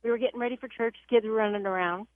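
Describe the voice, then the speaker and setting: A woman's voice: on the high side, steady tone, very fast, no room sound. A woman in her sixties calling in to tell a funny family story, chatty and building toward the punchline. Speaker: caller. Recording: tinny phone line.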